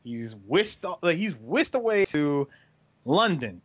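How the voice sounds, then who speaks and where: A man's voice: fairly high pitch, sing-song, takes it slowly. A man co-hosting a casual movie chat, explaining plot and rambling with lots of "like". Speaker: podcast co-host. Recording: dull lo-fi mic.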